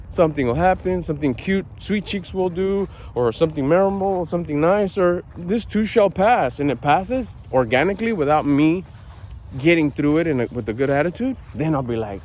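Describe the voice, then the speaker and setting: A middle-aged man giving a casual motivational talk outdoors at a park, blunt and animated, swearing freely. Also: fairly high pitch, a little hiss or hum. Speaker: personal development vlogger.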